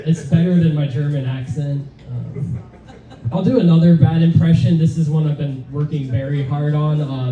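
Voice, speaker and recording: Halting deadpan stand-up comic man. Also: on the high side. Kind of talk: stand-up set. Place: comedy club, open mic. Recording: echoey room from far off. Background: audience laughter.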